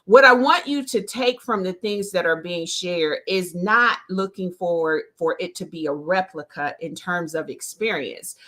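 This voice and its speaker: A woman's voice: fairly low pitch, pushed and bright. A woman with a Southern accent, a success coach and podcast host, talking on her own live stream in an earnest way about faith and encouragement. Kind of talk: solo live stream talk.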